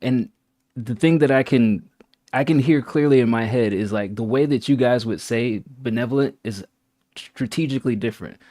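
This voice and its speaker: A man's voice: mid-range voice, moderate pace, dark tone, no echo. Male panelist, dry close mic, talks through delivery details. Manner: explanatory, demonstrates pronunciation. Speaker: music critique panelist. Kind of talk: casual review chat.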